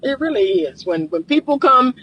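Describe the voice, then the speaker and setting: Very high-pitched and very animated, this man talks at normal speed through dull audio with a little hiss or hum. He's a relationship coach and counselor driving his car, casually and passionately addressing livestream viewers while getting riled up.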